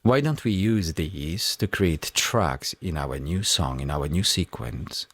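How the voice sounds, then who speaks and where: A man hosting a music production tutorial, explaining each step in a measured, methodical way. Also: deep voice, lively intonation, a bit bright, no room sound. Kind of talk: tutorial walkthrough.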